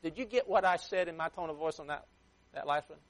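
A man preaching a sermon with emphatic swings in loudness and pace, sometimes acting out a parent scolding a child. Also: a little high, fairly quick. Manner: emphatic, rising and dropping sharply for effect.

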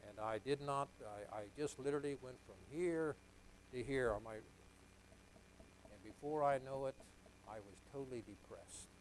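An older man preaching a sermon, telling a personal story with deep emotion, dropping to a hush and then rising to loud emphasis. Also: slight background noise, low-quality recording. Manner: emotional, confessional storytelling that swings from hushed to loud.

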